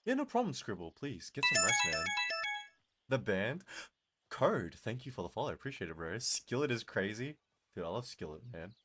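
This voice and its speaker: A man live-streaming, chatting casually and answering his chat, animated and quick to laugh, his voice strained and tiring. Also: on the low side, soft background music.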